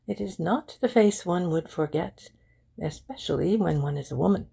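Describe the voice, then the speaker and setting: A woman's voice: lowish voice, moderate pace, exaggerated voice. A woman voicing an eager young shop girl who chats readily and slips into phrases. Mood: eager, helpful. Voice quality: gravelly, husky. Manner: lively, helpful, sprinkles French phrases.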